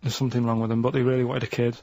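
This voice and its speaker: A man on a radio show, explaining things slowly in casual banter and tagging sentences with "right?". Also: medium pitch, little pitch movement, creaky, darkish tone, no echo. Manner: plodding explainer, ends phrases with "right?".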